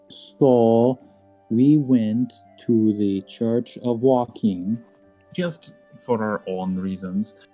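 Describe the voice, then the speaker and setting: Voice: medium pitch, mellow, low-quality recording. A player in a tabletop game, talking casually and unhurriedly.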